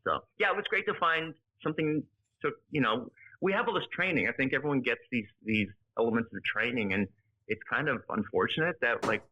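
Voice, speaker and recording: A man's voice: mid-range voice, lively intonation, fairly quick, sharp tone, highs cut off. A man from Canada, a podcast guest chatting casually in a joking, rambling way. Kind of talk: casual chat.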